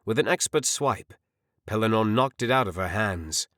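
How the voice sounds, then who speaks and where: A man narrating a fantasy audiobook in an expressive, measured storytelling manner. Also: lowish voice, no echo, studio quality. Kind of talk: scripted narration.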